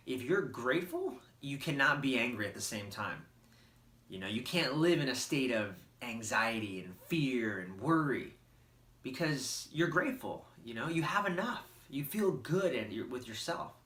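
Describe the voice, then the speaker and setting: Man, earnest parenting talk, loose and chatty, bright voice in a roomy space. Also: mid-range voice. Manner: earnest, plain-spoken, many "you know" fillers. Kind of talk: casual talk to camera.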